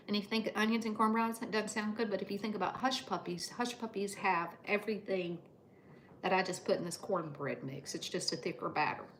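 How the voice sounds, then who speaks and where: A woman's voice: mid-range voice, noisy background. An older woman chats in a motherly way with her viewers while she cooks at home on a livestream. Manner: chatty, motherly, talks to viewers by name while cooking. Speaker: livestream host. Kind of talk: casual cooking livestream chat. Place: home kitchen.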